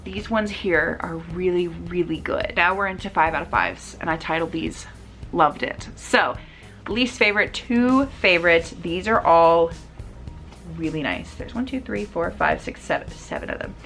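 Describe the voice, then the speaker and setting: A woman's voice: lowish voice, normal speed, creaky, fairly bright tone, soft background music. A woman chatting casually as she reviews books to her camera, rambling with lots of "like" and "um". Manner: chatty, rambling, many "like" and "um" fillers. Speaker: book reviewer. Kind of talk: casual book review chat. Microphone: camera mic.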